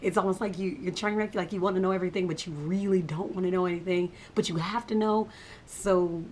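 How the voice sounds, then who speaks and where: Mom telling a story to the camera, low voice, gets animated then drops to a whisper, slight rumble in the background. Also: female voice, fast. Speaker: mother telling a family story.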